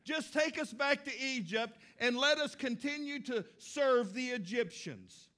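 A man's voice: very high voice, a little slow, pushed and bright, pitched above the performer's own voice, full character voice. A man, a preacher, voicing a frightened crowd of ancient people who complain in a whiny tone.

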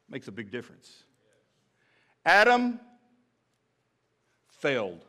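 A man's voice: high-pitched, a bit bright. A man preaching a sermon as pastor, asking the congregation questions and building points with emphatic repetition. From United States.

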